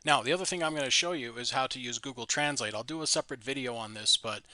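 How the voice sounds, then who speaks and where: Man, software tutorial, easygoing explainer, very bright voice, close dry sound. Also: mid-range voice, quick pace, dry recording. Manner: easygoing, plain explanatory talk with small restarts. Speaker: tutorial presenter. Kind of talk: screen-recorded software tutorial.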